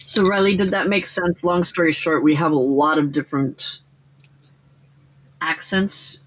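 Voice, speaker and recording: A woman's voice: low-pitched, fairly even intonation, unhurried, poor audio. Giggly rambling American woman host. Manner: rambling, laughs often, self-teasing. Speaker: livestream host. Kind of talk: casual chat while crafting.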